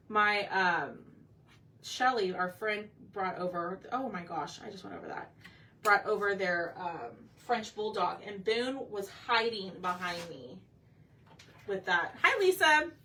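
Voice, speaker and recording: Host: woman, crisp and bright, chatty live painter thinking out loud, mic set back a bit with faint hiss. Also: mid-range voice, expressive, slow, pauses often. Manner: chatty, thinks aloud, asks viewers for input. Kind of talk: casual live painting chat. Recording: slightly distant mic with faint background noise.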